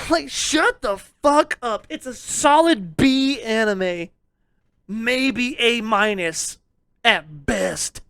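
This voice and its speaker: A young man co-hosting a podcast, ranting loudly and swearing in a jokingly abrasive way, laughing as he goes. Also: very high-pitched, clear, resonant tone, no echo, studio quality. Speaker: podcast co-host. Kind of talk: casual ranting review chat.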